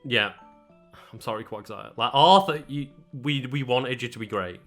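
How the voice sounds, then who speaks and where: Bright-voiced hesitant man playing a game. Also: mid-range voice, normal speed, faint music behind. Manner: hesitant, full of fillers and restarts. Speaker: let's play co-host. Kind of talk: casual gameplay commentary.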